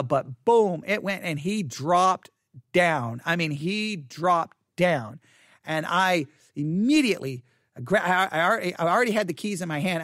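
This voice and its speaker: A man's voice: sits high, fairly bright tone, no echo, clean studio sound. A middle-aged man preaching a sermon, telling a personal story candidly and repeating himself for emphasis.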